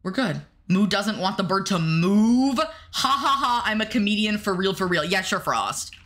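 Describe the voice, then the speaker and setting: A woman's voice: mid-range voice, lively intonation, moderate pace, fairly bright tone. A woman streamer playing a horror game, chatting to her viewers and yelping when startled. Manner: jumpy, talks to the chat and the game, yelps when startled. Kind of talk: casual gameplay commentary to chat.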